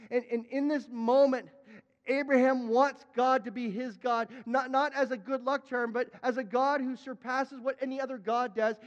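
A man preaching a sermon as a pastor, emphatic, repeating his words and now and then crying out loud. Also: very high-pitched, big-room sound, lo-fi sound.

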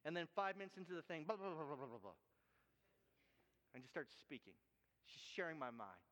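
A man preaching a sermon in an animated way, repeating words and acting out Bible characters. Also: a little high, brisk. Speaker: pastor. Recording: long hall reverb.

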